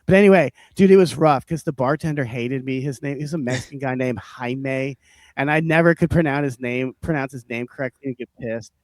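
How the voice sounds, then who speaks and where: A man telling rambling stand-up stories on a podcast, profane and animated, often laughing and acting out the people he quotes. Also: mid-range voice, a little fast, no echo. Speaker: podcast co-host, stand-up comic. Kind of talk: casual storytelling chat.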